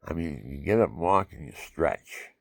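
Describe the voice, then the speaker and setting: A man's voice: very deep voice, expressive, moderate pace, creaky, no echo, studio quality. An older man at home on his couch, giving rambling folksy health tips and counting aloud. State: out of breath. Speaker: vlogger. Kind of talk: casual health talk to camera.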